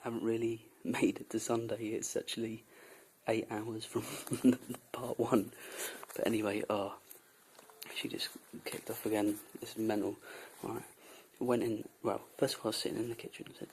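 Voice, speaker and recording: Exasperated young man, gravelly whispered rant. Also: mid-range voice, fairly even intonation, moderate pace, a little mellow, a little hiss or hum, rough recording. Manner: exasperated, often drops to a whisper. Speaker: volunteer traveller reviewing a host. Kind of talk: casual venting vlog. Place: indoors at a host's house.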